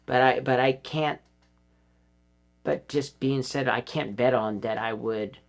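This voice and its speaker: A man's voice: medium pitch, fairly even intonation, takes it slowly, vocal fry. A middle-aged man guesting on a podcast, talking in a rambling, casual way with frequent swearing, restarts and laughs. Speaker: guest, former pro skater. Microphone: podcast studio mic.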